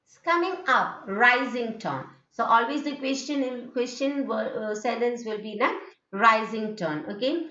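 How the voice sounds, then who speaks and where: A woman's voice: fairly high pitch, lively intonation, normal speed, sharp tone. A woman with an Indian English accent giving a phonetics lecture, often checking with "okay" and "isn't it", and acting out rising and falling tones. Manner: repeats "okay" and "isn't it", demonstrates intonation. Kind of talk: recorded distance-learning lecture. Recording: dull, roomy classroom recording.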